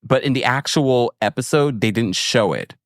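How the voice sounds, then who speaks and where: A man with a mid-range voice hosts a reality TV recap podcast at a moderate pace, in studio quality with no room sound. He comes across playful and frank like a big brother, laughing frequently and slipping in asides.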